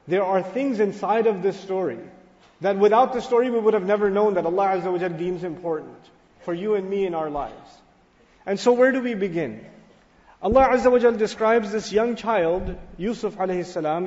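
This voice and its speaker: A man giving a sermon-style lecture on scripture, animated and storytelling, acting out a child's excited voice. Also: sits high. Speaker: Islamic teacher. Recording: lo-fi recording in a reverberant hall.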